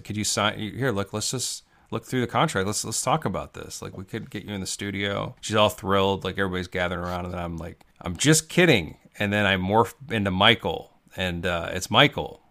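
A man co-hosting a comedy podcast, rambling through improvised bits with deadpan asides. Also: sits low, gravelly. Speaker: podcast co-host. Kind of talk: comedic movie-riff chat.

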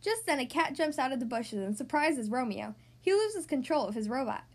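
Animated woman reading to kids. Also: high voice, brisk. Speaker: podcast host reading to kids. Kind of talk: storybook read-aloud.

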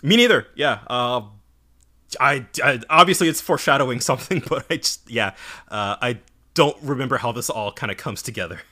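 A man co-hosting a podcast, enthusiastic and a bit halting as he chats about a manga. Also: medium pitch, sharp tone. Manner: enthusiastic, halting, many restarts and laughs. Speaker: podcast co-host. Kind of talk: casual chat discussing a manga.

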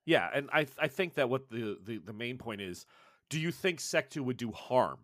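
Energetic, forceful man game master. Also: mid-range voice, no room sound, studio quality. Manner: energetic narration with quick restarts. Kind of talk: narrating a tabletop game.

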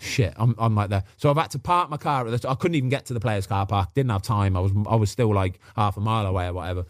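A man, a podcast guest and former goalkeeper, telling chatty stories in a lively way and acting out the quotes. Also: on the low side, fast, no room sound, studio quality. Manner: animated, acts out quotes, chatty. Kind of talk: casual storytelling.

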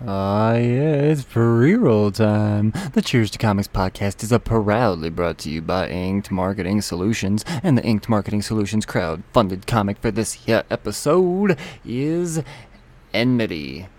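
Hosting a comics podcast, a man with a lowish, slightly mellow voice speaks at normal speed with animation. He reads sponsor spots and the intro casually, rambling, interrupting himself, and cracking jokes to himself.

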